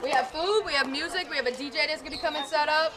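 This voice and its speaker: High-voiced woman volunteer at a busy event. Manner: brisk, informative. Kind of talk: interview answers. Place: outdoor event. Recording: outdoors with loud crowd.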